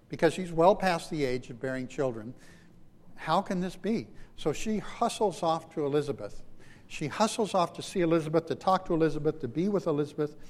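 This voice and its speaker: The big-room acoustics carry a fairly high-pitched, slightly mellow male voice as a pastor delivers his sermon. He preaches dramatically, his emphasis rising and falling. Key phrases get drawn out slowly.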